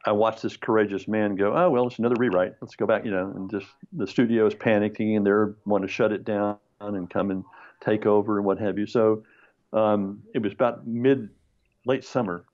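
A man's voice: fairly low pitch, brisk, lo-fi sound. A man telling a long anecdote as a screenwriter guest in a conversational interview, acting out the voices of people he quotes. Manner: animated storyteller, acts out quoted voices, laughs often.

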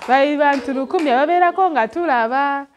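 A woman's voice: sits high, fast, muffled recording, heavy background noise. A young Ugandan woman vlogging at a village school, tearful and laughing as she switches between English and Luganda. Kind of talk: casual vlog. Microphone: handheld phone.

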